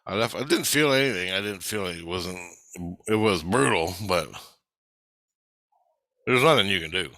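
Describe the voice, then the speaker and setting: A man's voice: sits low, lively intonation, normal speed, long pauses, pushed and bright, no room sound. A man speaking in a casual, rambling monologue, blunt and full of swearing. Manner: blunt, heavily profane, rambling with restarts. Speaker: channel host.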